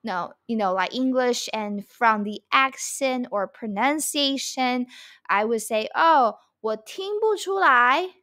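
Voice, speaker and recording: A woman with a high, bright voice gives a language lesson. She speaks slowly and deliberately, repeating each example so learners can follow. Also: lively intonation. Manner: slow, repeating phrases for learners; mixes English explanation with Mandarin examples. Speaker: Mandarin teacher.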